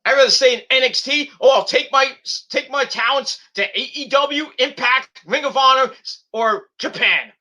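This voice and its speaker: A man's voice: very high-pitched, normal speed, sharp tone. A young man hosting a wrestling review, ranting heatedly and swearing a lot.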